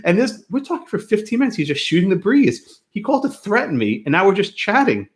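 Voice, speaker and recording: Animated storytelling male law professor. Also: high-pitched, fast. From New York. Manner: animated storyteller, chuckles often, self-interrupts. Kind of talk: lecture with a personal anecdote. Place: classroom.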